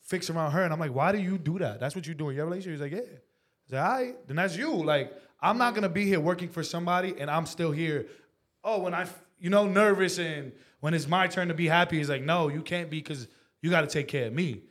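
A podcast co-host with a fairly high, bright voice talks fast in casual chat. He's blunt and emphatic, swearing freely.

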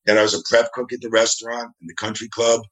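A middle-aged man from New Jersey, a guest telling animated, rambling stories in a casual interview. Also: mid-range voice, fast talker, low-quality recording. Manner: rambling, animated, acts out quoted dialogue.

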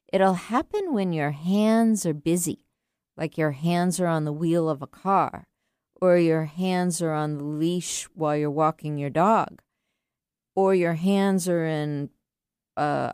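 Woman coach, low unhurried delivery, earnest and encouraging, dry close-mic sound. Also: clean tone, no echo. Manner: earnest, encouraging, with slow deliberate emphasis. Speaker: writing coach, podcast host. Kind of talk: motivational coaching talk.

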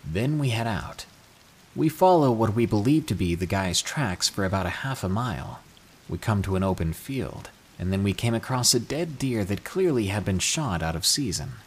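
A man reading true scary stories aloud, with an expressive storytelling delivery. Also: fairly low pitch, moderate pace, slight background noise. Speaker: narrator.

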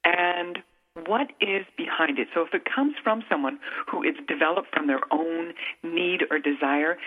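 A woman hosting a radio talk show, chatty and rambling with quick laughs. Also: low voice, breathy edge. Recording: phone-line quality.

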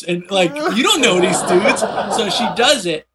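A man casually retelling a comic book plot in a profane, animated way, slipping into quick voices for the characters. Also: high voice, slight background noise.

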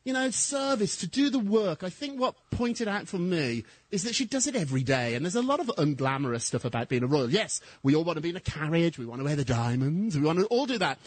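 A middle-aged English man, a gossip columnist, chatting as a guest on a radio talk show in an animated, camp, gushing way. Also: on the high side, fast, hardly any pauses, no room sound.

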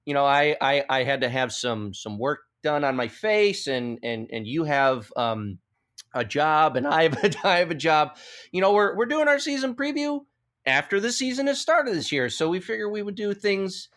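A man's voice: on the high side, moderate pace. A man co-hosting a casual sports podcast, joking around playfully and rambling. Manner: playful, joking, animated with sound effects. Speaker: podcast co-host. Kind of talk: casual hockey podcast chat.

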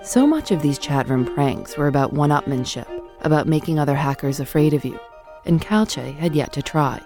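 A woman hosting a podcast, narrating in a measured, clear way and putting questions to her guest. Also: low voice, animated, music in the background. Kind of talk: scripted narration and interviewing.

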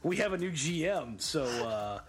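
A man co-hosting a casual sports podcast, talking in an animated, rambling way with quick restarts. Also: a little high. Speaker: podcast co-host.

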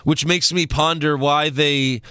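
A man's voice: a little high, fairly even intonation, a little slow, sharp tone, smooth, no echo, clean studio sound. A young adult man hosting a casual chat show, teasing and laughing often. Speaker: podcast host.

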